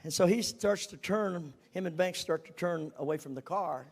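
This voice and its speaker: A man's voice: high-pitched, moderate pace, a little mellow. An older man telling a personal testimony in a folksy, self-mocking way, chuckling at himself as he goes. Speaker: guest speaker.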